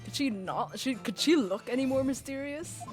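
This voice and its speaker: A woman streaming a game, excitable and giggly, reading the game text aloud. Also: sits high, moderate pace. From Canada. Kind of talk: let's play commentary. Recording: game music loud in the mix. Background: game music.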